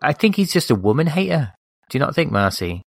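A podcast co-host steering a film chat, often tossing questions to the others. The voice sits at a middle pitch with a dry, close sound. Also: big pitch swings, a little fast, vocal fry, breathy edge, no room sound. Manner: leading, prompting others with questions. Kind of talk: casual film discussion.

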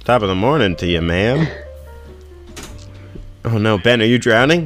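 A man's voice: mid-range voice, sing-song, normal speed, pauses often, loud music behind the voice. A young man co-hosting a podcast over a video call, joking around and laughing a lot in casual chat. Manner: goofy, giggly, joking around. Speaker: podcast co-host.

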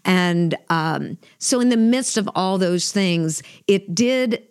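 A woman's voice: lowish voice, slow, clear, resonant tone, no echo, clean studio sound. A middle-aged woman on a faith podcast, telling a personal story in an earnest, emotional way with frequent fillers and restarts. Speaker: podcast co-host. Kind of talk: heartfelt conversational storytelling.

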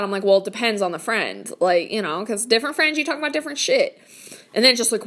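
A woman's voice: medium pitch, expressive, a little fast, fairly bright tone. A woman in her late twenties ranting casually about a guy, blunt and swearing constantly, with a lot of filler "like". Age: late 20s. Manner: blunt, heavy swearing, lots of "like". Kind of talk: casual storytelling rant.

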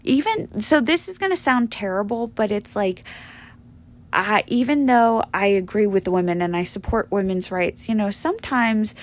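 A woman's voice: medium pitch, lively intonation, normal speed. A young woman hosting a podcast, rambling in a blunt, profane, casual monologue full of fillers. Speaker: podcast host.

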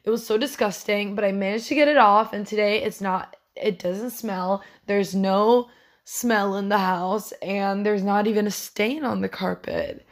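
A woman's voice: mid-range voice, fairly even intonation, a little slow. A young woman hosting her own podcast, talking casually and rambling, swearing freely and correcting herself as she goes. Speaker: podcast host. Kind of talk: casual solo podcast chat.

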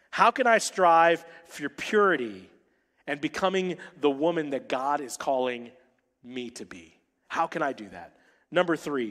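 Pastor preaching in an echoing church hall. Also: male voice, fairly high pitch, expressive, fairly bright tone. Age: adult, married. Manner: humorous, punchy delivery with dramatic pauses. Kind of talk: sermon. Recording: long reverb of a church hall.

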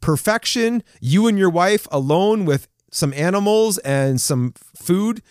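Brief: lively young male preacher, slightly high voice, dry close sound, acts out stories. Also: slow, dry recording. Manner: animated, acts out scripture figures, chuckles. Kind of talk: casual sermon.

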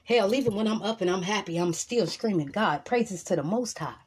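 A woman's voice: medium pitch, moderate pace, a little mellow, husky. A woman giving an emphatic, profane motivational monologue as a vlogger, repeating lines for emphasis.

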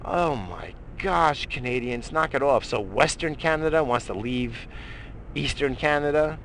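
A man of middle age hosts a morning show and delivers a profane, heated political rant, rambling and starting over repeatedly. His medium-pitched voice is a bit bright with lively intonation, and he keeps a measured pace; there's slight background noise.

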